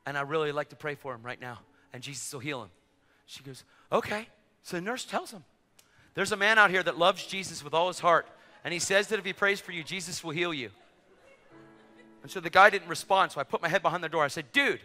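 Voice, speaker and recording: Middle-aged male preacher, bright piercing tone, animated storyteller who shouts at peaks; reverberant hall. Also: a little high, a little fast. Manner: excitable, acts out dialogue, rising to shouts. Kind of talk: sermon storytelling. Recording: long reverb of a large hall.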